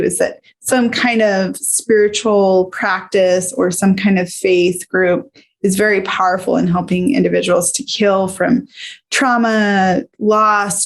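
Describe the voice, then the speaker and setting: A woman's voice: mid-range voice, creaky. A woman hosting a wellness podcast, encouraging and reflective as she interviews her guest. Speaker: podcast host. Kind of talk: conversational interview.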